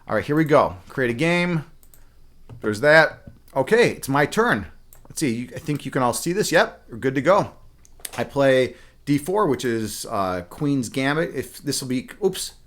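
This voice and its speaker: A man's voice: mid-range voice, fairly bright tone. A man live-streaming and chatting casually, a chess instructor who rambles with many fillers and restarts and laughs often.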